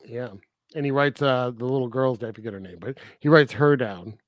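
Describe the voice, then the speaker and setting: A man's voice: mid-range voice, normal speed, no echo. Laughing man in a dry podcast chat. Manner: laughs often, animated and joking. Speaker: podcast co-host. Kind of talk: casual film review chat.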